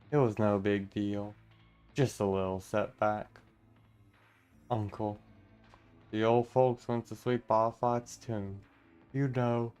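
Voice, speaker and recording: A man with a smooth, medium-pitched voice reads every part of a game story aloud. His delivery is steady and mostly plain, and now and then he breaks off for casual asides.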